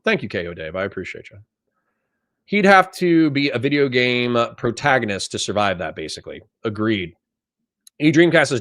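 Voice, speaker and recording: A man's voice: mid-range voice, very animated, a little fast, a bit bright. A man hosting a livestream, reading out chat messages and answering them in a blunt, profane, conversational way. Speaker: livestream host.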